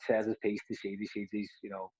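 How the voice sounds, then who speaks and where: Husky man telling a story. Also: lowish voice, monotone, fast talker, a little mellow, dry recording, lo-fi sound. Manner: rambling, laughs often, restarts. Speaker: former footballer, podcast co-host. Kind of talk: casual storytelling.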